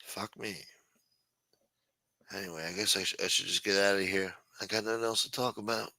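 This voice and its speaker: A man's voice: lowish voice, steady tone, brisk, vocal fry, bright, forceful tone, no echo. A man on a late-night live stream, rambling in a profane, self-mocking way. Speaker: show regular. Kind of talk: casual live-stream chat.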